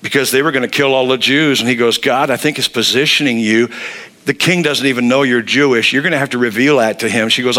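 A man preaching a sermon, animated, acting out the people he quotes. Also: mid-range voice, fairly quick. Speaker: pastor.

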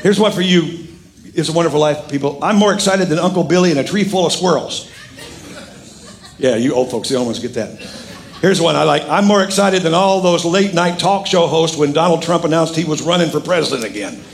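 A middle-aged man gives a sermon in a slightly raised, gravelly voice. He tells stories with a lot of energy and jokes, and acts out other people's lines as he goes. Faint noise sits under the recording. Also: on the high side. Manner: animated, jokey storytelling with quoted voices. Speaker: pastor. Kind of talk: sermon with storytelling.

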